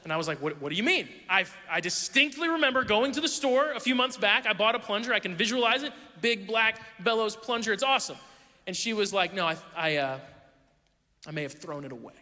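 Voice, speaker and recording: A young man preaching a sermon, telling a funny story about himself in an animated, self-deprecating way. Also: high voice, fast. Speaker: pastor. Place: church auditorium. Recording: long hall reverb.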